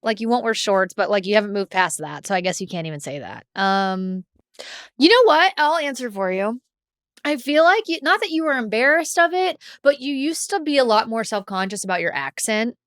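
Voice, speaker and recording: A woman in her thirties hosts a casual chat in a smooth, clear voice, rambling and leaning on "like" between thoughts. She is miked close and dry. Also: a little high, lively intonation, fairly quick, a bit bright, no echo. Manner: rambling, heavy use of "like". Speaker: co-host.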